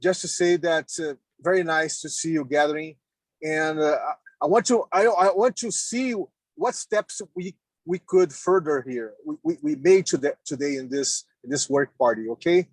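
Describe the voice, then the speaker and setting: Halting man on a video call. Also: a little high, dry recording. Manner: halting, repeats words, laughs often. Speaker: meeting participant. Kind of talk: casual video call chat. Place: in a car on the road.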